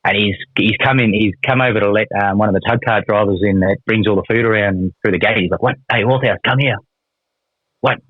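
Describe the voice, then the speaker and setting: Fast-talking Australian man, phone line. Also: on the low side, fairly even intonation, no echo. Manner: rapid, rambling, heavy swearing and fillers. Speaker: guest, former prisoner. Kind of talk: casual storytelling.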